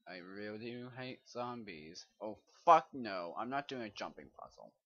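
A man giving casual gameplay commentary who swears often and breaks into loud, frustrated outbursts. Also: fairly low pitch, expressive, normal speed. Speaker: Let's Play gamer. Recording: dull lo-fi recording.

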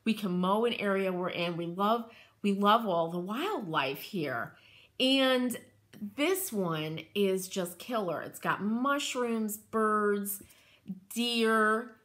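A woman's voice: mid-range voice, animated, slow, fairly bright tone. A woman hosting a craft channel, chatting casually and gushing with enthusiasm while rambling through asides. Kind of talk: casual show-and-tell chat.

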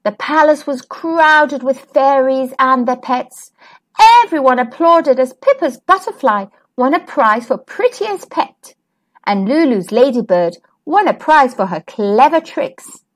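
A woman reading a children's picture book aloud as a storytime host, gentle and expressive. Her voice is high and animated, rising and falling over a wide range. She reads at an unhurried pace. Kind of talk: children's read-aloud narration.

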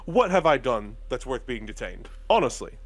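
Sardonic man with an expressive voice. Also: medium pitch, normal speed. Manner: sardonic, joking, swears freely. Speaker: co-host. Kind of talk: casual podcast chat.

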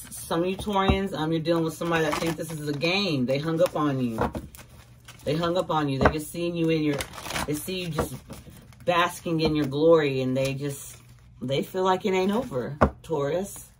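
A woman's voice: low voice, normal speed. A woman giving a casual tarot reading to her viewers, chatty and slangy, breaking into sing-song exclamations. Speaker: tarot card reader. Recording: distant mic with clear background noise.

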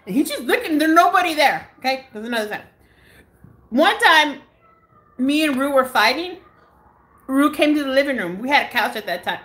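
Woman in her own home, live phone vlog, tells a story casually, swears a lot and acts out every quote, bright and lively. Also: sits high, moderate pace, pauses often. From United States. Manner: animated, swears freely, acts out others' lines. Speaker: beauty vlogger. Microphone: phone camera.

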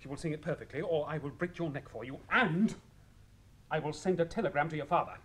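A man's voice: a little high, quick pace, fairly bright tone, close to an everyday voice. An actor playing a stern, hot-tempered male choirmaster in a radio drama, blunt and drilling in manner. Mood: threatening. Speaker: church choirmaster. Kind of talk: 1980s radio drama acting.

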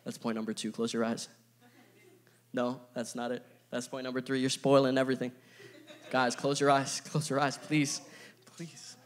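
A man's voice: mid-range voice, steady tone, moderate pace, long pauses. A young man giving a casual, playful youth sermon, chatting with his audience and filling his talk with asides. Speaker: youth pastor.

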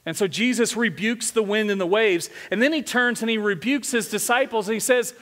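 A man's voice: high-pitched, fairly quick, hardly any pauses, a bit bright. A male senior pastor preaching a conversational sermon, often asking the congregation questions. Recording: long hall reverb from a church sanctuary.

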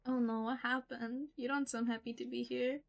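Playful high-voiced woman streamer. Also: little pitch movement, moderate pace, gravelly. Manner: joking, blunt, playful trash talk. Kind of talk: casual gaming chat.

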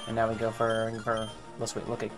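A man's voice: fairly low pitch, completely flat delivery, a little fast, music in the background. A man giving casual gameplay commentary, thinking aloud, repeating himself and talking to his game characters. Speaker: gaming YouTuber.

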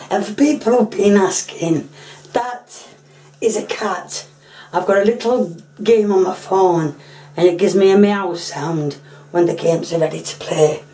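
A hoarse woman who is losing her voice talks casually through a home cooking demonstration. She often clears her throat and apologises. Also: medium pitch, takes it slowly, long pauses, warm tone, slight background noise.

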